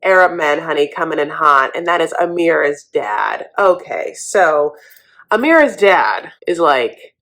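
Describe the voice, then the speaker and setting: A woman's voice: lowish voice, big pitch swings, normal speed, a bit bright. Sassy, gossipy woman recapping TV. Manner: sassy, gossipy, says "honey" a lot. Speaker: reality TV recap host. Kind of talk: sassy casual commentary.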